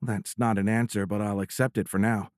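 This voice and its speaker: A man's voice: fairly low pitch, level tone, a little fast, no echo, studio quality, close to an everyday voice. A male audiobook narrator voicing a fiercely independent, playful woman who is a fighter pilot. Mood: teasing. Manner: playful, teasing.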